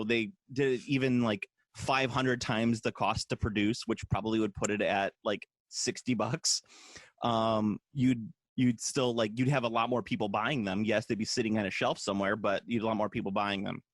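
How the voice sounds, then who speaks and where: A man's voice: fairly low pitch, fairly even intonation, normal speed, no room sound. An American man co-hosting a podcast, a little drunk, rambling in casual chat with many restarts and laughs. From United States. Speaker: podcast co-host.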